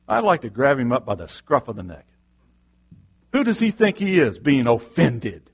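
A man's voice: on the high side, big pitch swings, normal speed, a bit bright, husky. A middle-aged male pastor preaching a sermon with passion, firing off rhetorical questions.

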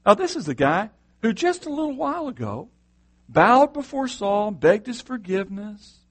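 Passionate preaching man, fairly high voice. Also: sing-song, normal speed, husky. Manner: impassioned preaching with rhetorical questions. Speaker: pastor. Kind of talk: sermon.

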